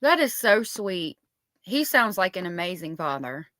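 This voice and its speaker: A woman with a bright, forceful voice co-hosts a live stream. She chats casually and reads viewer comments aloud, recorded dry and close to the mic. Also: lowish voice, very animated, measured pace, no echo. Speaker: co-host reading viewer chat.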